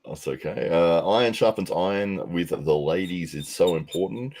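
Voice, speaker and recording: A man's voice: deep voice, moderate pace, a little mellow, a little hiss or hum. A man co-hosting a podcast, jokingly reading out viewer comments in casual chat. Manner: jokey, laughs often, reads comments aloud. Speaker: podcast co-host.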